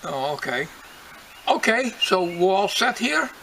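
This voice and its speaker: Older man, bright high folksy voice. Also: big pitch swings, unhurried, vocal fry, slight background noise, rough recording. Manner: folksy, rambling, chuckling. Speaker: channel host. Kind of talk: casual chat to viewers.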